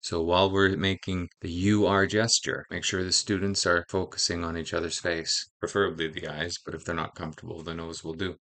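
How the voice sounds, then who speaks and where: A man with a very low, deep voice narrates a teaching guide. He explains each step calmly and steadily, like a trainer walking other teachers through a method. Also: a little fast, hardly any pauses. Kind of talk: instructional narration.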